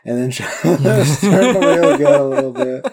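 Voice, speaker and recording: A man co-hosting a casual film chat podcast, animated, loose and given to swearing and laughing. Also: high-pitched, normal speed, vocal fry, a crowd in the background. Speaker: podcast co-host.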